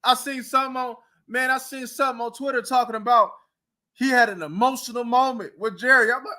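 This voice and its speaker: A man's voice: very high voice, steady tone, brisk, sharp tone, slight background noise. A man hosting a casual sports talk show, ranting in a heated, mocking way with rhetorical questions. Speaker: podcast host.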